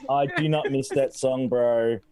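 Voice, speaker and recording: A man's voice: mid-range voice, steady tone, a little slow, dark tone, smooth. A man hosting a live gaming stream, joking and teasing his co-hosts in casual chat. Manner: joking, teasing, laughs often. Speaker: host.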